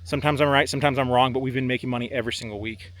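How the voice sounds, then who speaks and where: Out on a golf course, a young man who trades options and vlogs talks casually to his camera, a bit winded, his speech peppered with "like" and "man." He sounds relaxed and chatty. His medium-pitched voice races along.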